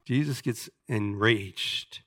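A man's voice: on the low side, slow, fairly bright tone, dry recording, clean studio sound. A man preaching a sermon as pastor, talking emphatically and calling on the congregation for amens.

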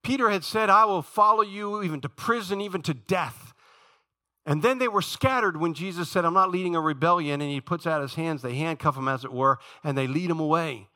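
Animated pastor with a bright voice. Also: male voice, brisk. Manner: animated storytelling, dropping to a low quiet tone in prayer. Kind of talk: sermon.

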